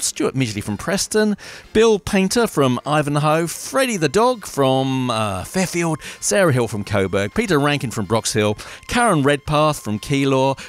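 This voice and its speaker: Lively sing-song radio host. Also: male voice, mid-range voice. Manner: chatty and rambling, self-correcting, lively sing-song delivery. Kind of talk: live radio announcements and shout-outs.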